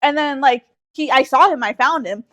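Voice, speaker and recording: High-voiced young woman telling a story. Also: moderate pace, highs cut off. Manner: animated storyteller, heavy swearing, acts out quotes. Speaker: podcast co-host. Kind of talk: casual podcast chat.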